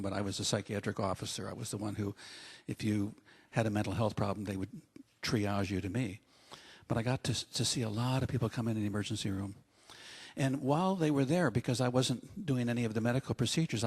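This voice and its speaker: Husky-voiced guy preaching, funny storyteller, acts out little bits. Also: lowish voice, fast talker. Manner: humorous storytelling with acted asides. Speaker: pastor. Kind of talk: sermon.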